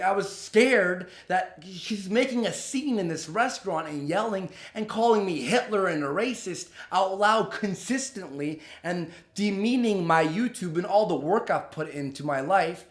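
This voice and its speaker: A young male YouTuber rants angrily to camera in a storytime vlog, heated and profane, sputtering and restarting his sentences. His voice is high and the recording is reverberant.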